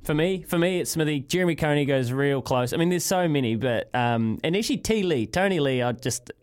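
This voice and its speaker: A man's voice: on the high side, animated. A man with a New Zealand accent hosting a live sports talkback radio show, chatty and upbeat. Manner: chatty and upbeat, quick laughs.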